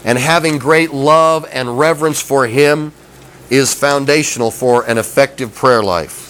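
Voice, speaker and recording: This sermon comes from a middle-aged man with a medium-pitched, fairly bright voice who keeps a measured pace. He talks in a folksy, conversational way and often questions his listeners. The recording is low quality, with faint noise in the background.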